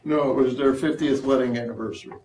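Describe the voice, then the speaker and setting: A man's voice: mid-range voice, steady tone, fast talker, a little mellow, a little hiss or hum, poor audio. A man interviewing a relative for an oral history, asking brief prompting questions.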